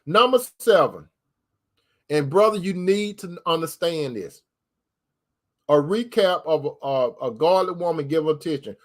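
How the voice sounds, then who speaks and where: A man hosting an advice talk in a preacherly way, calling listeners brother and stretching key words slowly. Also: on the high side, animated. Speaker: host giving relationship advice. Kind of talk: preacherly advice talk reading viewer comments.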